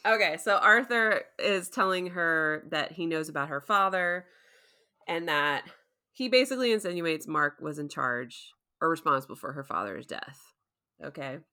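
A woman hosting a casual recap chat, animated, laughing often and acting out scenes. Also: sits low, measured pace. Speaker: podcast host.

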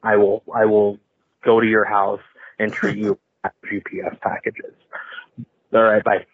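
A man leaving a voicemail for a podcast, talking slowly and hesitantly with many pauses and ums. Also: on the low side, flat delivery. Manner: slow, hesitant, lots of ums. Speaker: voicemail caller. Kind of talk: recorded voicemail message. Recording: tinny phone line.

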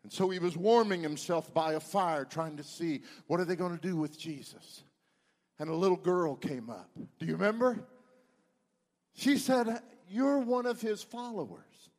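A man with a high voice preaches a sermon, his delivery swinging from loud bursts to hushed tones. The sound rings with a long reverb from a church sanctuary. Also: lively intonation, normal speed. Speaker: pastor.

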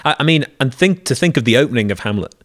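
A man co-hosting a casual literary discussion, retelling scenes with lively acted-out lines. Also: mid-range voice, quick pace, no echo, clean studio sound. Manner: lively storyteller, acts out quoted lines.

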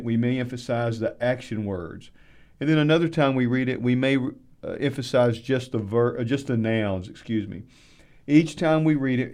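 A man's voice: mid-range voice, a little mellow. A man hosting a Bible study, explaining the week's reading exercise plainly and closing the session.

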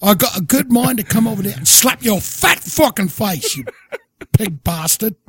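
A man putting on a husky British brawler voice, gruff, threatening, high and dry. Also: big pitch swings, moderate pace, fairly bright tone, dry recording, exaggerated voice. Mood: blustery threats. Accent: put-on British. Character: angry old-school British brawler, man. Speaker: podcast co-host.

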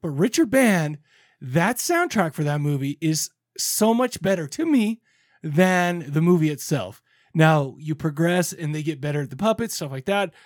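A man's voice: a little high, big pitch swings, moderate pace, no echo, clean studio sound. A man co-hosting a horror podcast, chatting casually and rambling with lots of fillers. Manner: rambling, laid-back, with lots of fillers and restarts. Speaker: podcast co-host. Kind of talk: casual chat.

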